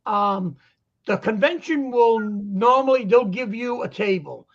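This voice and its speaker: Boston-accented man, chatty joker, high pitched, slightly muffled sound. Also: a little slow. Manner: joking, animated storyteller. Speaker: guest vendor. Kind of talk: casual chat. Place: lives in Florida.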